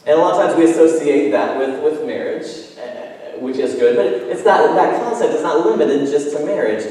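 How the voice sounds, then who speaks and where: A man's voice: on the high side, lively intonation, normal speed, warm tone. A man preaching a sermon as pastor, telling stories in a conversational way with frequent ums and restarts. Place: church sanctuary. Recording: echoey church hall from far off.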